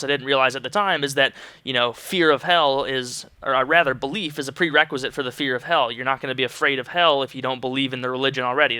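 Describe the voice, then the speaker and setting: A man's voice: mid-range voice, clean tone, dry recording. A young man talking earnestly to camera in a casual, rambling vlog monologue. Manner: earnest, rambling, animated when quoting others. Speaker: vlogger.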